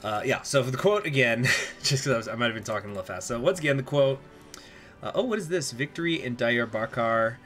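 A man's voice: mid-range voice, lively intonation, fairly quick, a bit bright, soft background music. A young man streaming a strategy game live, chatting in a rambling way and reacting aloud to what happens on screen.

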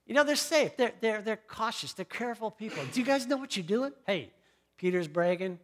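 Middle-aged guy preaching, high voice, chatty storytelling with lots of asides to the room. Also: animated, brisk. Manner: storytelling, conversational asides to the congregation. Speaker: pastor. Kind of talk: sermon.

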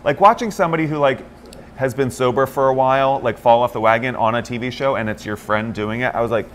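This fast-talking man has a mid-range voice, with a little hiss or hum on the recording. Co-hosting a morning talk show, he chats casually and tells animated stories, voicing the people he quotes.

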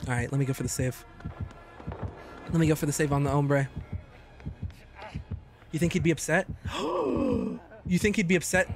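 A man giving joking, excitable commentary while streaming gameplay, often breaking into high shouts. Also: normal speed, gravelly, pauses often, faint music behind. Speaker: gaming streamer.

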